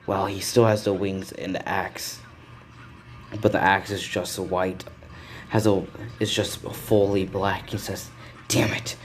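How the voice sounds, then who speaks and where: A man's voice: low-pitched, flat delivery, measured pace. A young man casually telling a fan-fiction story, rambling and correcting himself often, his throat strained from talking. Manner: rambling, with frequent restarts and self-corrections.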